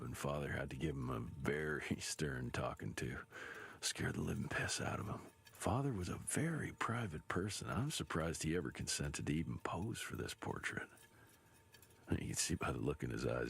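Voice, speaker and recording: Game character, very deep voice, husky and gravelly. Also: male voice, full character voice. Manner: slow, wry storytelling.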